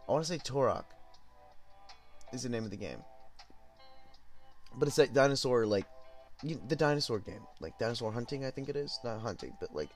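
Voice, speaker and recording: A young man from Southern California telling a casual story, loose and rambling, with plenty of swearing. He sounds high and unhurried, with soft music faintly under his voice. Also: animated. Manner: rambling, profane, laid-back. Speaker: podcast host.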